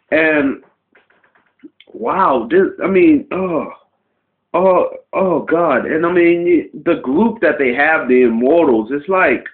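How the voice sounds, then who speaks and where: Male vlog host, scornful profane rant, mid-range voice, recorded in a roomy, echoing space. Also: medium pitch. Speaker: wrestling vlogger. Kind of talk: ranting commentary vlog. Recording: tinny phone-like sound in an echoey room.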